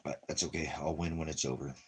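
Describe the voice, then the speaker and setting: An extremely low, slightly rough voice belongs to a ministry vlogger who talks quickly in a steady tone. He muses in a casual, rambling way about money and leaving town, stopping in bursts to baby-talk his dog affectionately.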